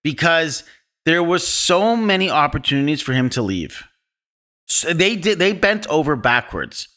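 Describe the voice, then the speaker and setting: A man's voice: fairly high pitch, unhurried. A man hosting a podcast, chatting casually and opinionated as he retells a documentary with many restarts. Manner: opinionated, animated storytelling with restarts. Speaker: podcast host. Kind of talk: casual film discussion.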